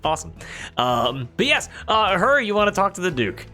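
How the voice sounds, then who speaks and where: A man's voice: high voice, sing-song, normal speed, pushed and bright, faint music behind. A man narrating a tabletop game as game master, easygoing and laughing often.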